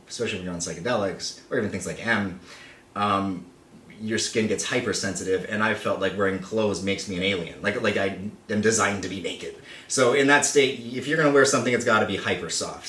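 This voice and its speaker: A man's voice: fairly low pitch, a bit bright. A man hosting a casual vlog to camera, playful and self-mocking, rambling as he talks. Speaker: channel host. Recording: roomy, slightly distant mic.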